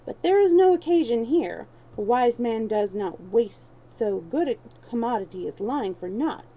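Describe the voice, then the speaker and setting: A woman's voice: on the high side, lively intonation, normal speed, mellow, low-quality recording. A woman voicing a crafty young male street thief who mocks and schemes in archaic speech. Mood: scheming.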